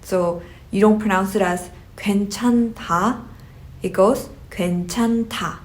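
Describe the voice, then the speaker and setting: A woman teaching a language lesson, patiently explaining pronunciation rules and repeating example words slowly. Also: mid-range voice, little pitch movement, darkish tone.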